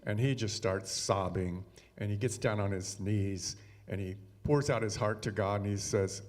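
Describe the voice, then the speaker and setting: A man's voice: fairly low pitch, normal speed, darkish tone. A man telling a joke at a church service in a folksy, storytelling way. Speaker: congregation member telling a joke.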